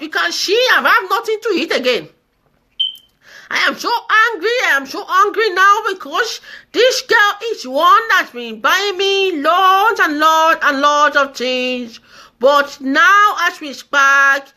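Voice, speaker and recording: A woman's voice: very high-pitched, sharp tone, heavily acted. A woman in a comedy skit playing a fussy elderly mother who pleads and wails, with a squawky, cracked voice. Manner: pleading, repetitive, wailing complaints. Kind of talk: comedy skit, live video.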